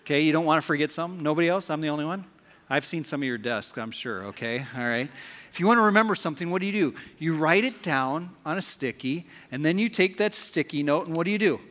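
A man preaches to his congregation in a high-pitched, bright voice. He keeps asking questions and has them repeat verses back to him. The sound carries the long reverb of a church sanctuary. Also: lively intonation, quick pace. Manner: interactive, asks congregation questions and leads call-and-response. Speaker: pastor. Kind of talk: sermon. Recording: live hall with long reverb.

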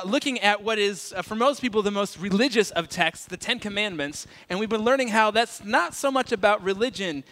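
Bright-voiced joking pastor. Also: male voice, high voice. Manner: conversational, joking storyteller. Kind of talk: sermon. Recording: reverberant church hall.

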